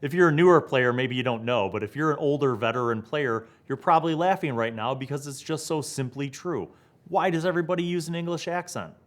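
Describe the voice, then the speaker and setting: A young man hosting a tabletop gaming talk video, thinking aloud with excitement and asking rhetorical questions. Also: a little high, a little fast. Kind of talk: animated solo talk to camera.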